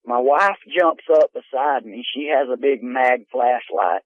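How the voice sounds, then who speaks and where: A man casually telling a story about a night at a campsite, rambling and excited, saying "man" and "dude". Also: medium pitch, measured pace, no room sound. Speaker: caller telling a camping encounter. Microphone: telephone. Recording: tinny phone line.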